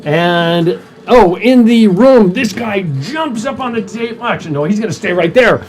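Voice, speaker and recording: High-voiced man running a tabletop game. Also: expressive, normal speed, over music. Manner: describes combat with spoken sound effects. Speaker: game master.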